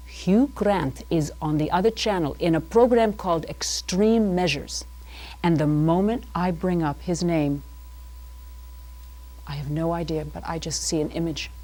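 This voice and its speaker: A woman's voice: on the low side, dark tone. Woman, improv comedy host, rambling, playful, TV studio, music behind. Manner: rambling, playful, free-associating. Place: public-access TV studio.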